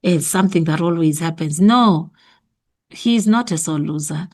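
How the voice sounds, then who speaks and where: A woman's voice: lowish voice, moderate pace, a little mellow. A woman with a South African accent going over an exam memo, thinking aloud and repeating her answers. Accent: South African English. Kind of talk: exam revision lesson.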